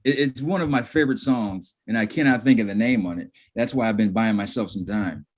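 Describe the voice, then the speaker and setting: A man's voice: lowish voice, brisk. Slangy, profane male podcast host. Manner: slangy and profane, calls people bro. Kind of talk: casual chat.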